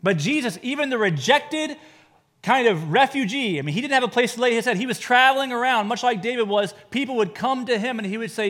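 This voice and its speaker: Guy preaching a sermon, pretty high voice, earnest, swings up and down for emphasis, long reverb. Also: very animated, fairly quick, fairly bright tone. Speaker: pastor.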